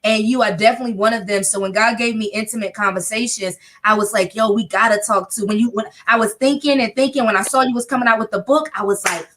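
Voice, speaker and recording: A woman's voice: a little high, fairly even intonation, quick pace, hardly any pauses, a bit bright. Effusive slangy woman in her thirties. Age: 30s. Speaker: host. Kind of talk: casual chat.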